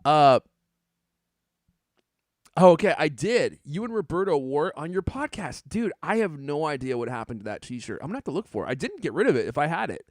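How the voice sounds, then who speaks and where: A man's voice: on the high side, very animated, brisk, dry recording, studio quality. A man co-hosting a live tech podcast, chatty and laughing often as he reads viewer comments aloud. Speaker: podcast co-host. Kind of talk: casual live-stream chat. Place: home studio on a live camera stream.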